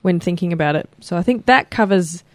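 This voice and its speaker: A man co-hosting a casual tech podcast, relaxed and chatty, often giving short replies. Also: sits high, a little fast, dry recording. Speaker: podcast co-host.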